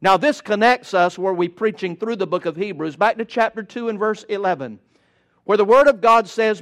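A man's voice: high voice, normal speed, fairly bright tone. A male preacher delivering a sermon in an emphatic, rhythmic cadence with touches of folksy humor.

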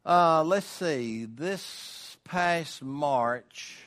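A man's voice: a little high, animated, very slow, fairly bright tone. An older man preaching a sermon as pastor, folksy and emphatic, asking rhetorical questions.

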